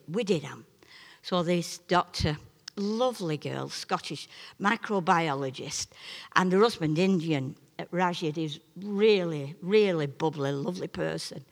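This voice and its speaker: Emphatic woman preaching. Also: fairly low pitch. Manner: emphatic, swings between loud preaching peaks and soft asides. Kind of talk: sermon with personal testimony. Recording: long reverb of a large hall.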